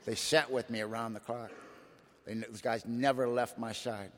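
An older man shares his own story in a folksy, colloquial way, and his voice rises when he gets emotional. His voice sits at a medium pitch, and the talk rings in a large hall with a long echo. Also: steady tone, moderate pace. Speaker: recovery meeting speaker. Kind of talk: personal testimony talk. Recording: echoey hall.

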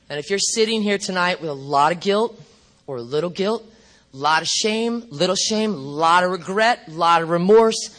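A middle-aged woman speaking at a recovery meeting, telling her story bluntly and profanely with animated asides. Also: medium pitch.

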